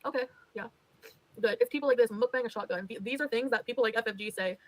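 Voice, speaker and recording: A woman's voice: a little high, quick pace, no room sound, low-quality recording. A woman streamer venting on a livestream, exasperated and resigned, swearing often. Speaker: streamer in a played clip.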